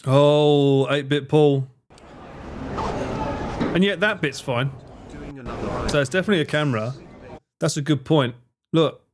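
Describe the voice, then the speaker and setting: A man's voice: a little high, lively intonation, normal speed, long pauses, noisy background. A man streamer giving casual reaction commentary, chatty, laughing and swearing.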